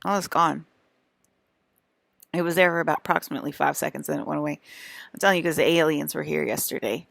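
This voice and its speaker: A woman's voice: sits low, quick pace, gravelly, long pauses, a bit bright, no echo. A young woman vlogging to camera in a meandering, repetitive way, with many fillers and restarts. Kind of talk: casual rambling monologue.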